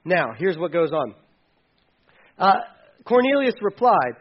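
High-voiced man preaching casually. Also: big pitch swings, takes it slowly, highs cut off, a little hiss or hum. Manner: conversational, acts out quotes in casual voices, many restarts. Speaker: pastor. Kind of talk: sermon.

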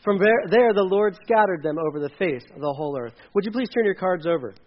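A man's voice: sits high, animated, fast. A man preaching a sermon in a playful, joking way, leading the audience with volunteers on stage in a church. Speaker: pastor. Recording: dull lo-fi sound.

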